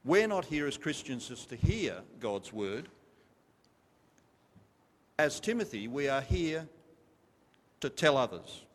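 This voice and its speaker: Emphatic preacher in a reverberant hall. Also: male voice, medium pitch, big pitch swings, slow, long pauses. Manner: emphatic, repetitive, asks the congregation questions. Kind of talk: sermon. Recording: long reverb of a large hall.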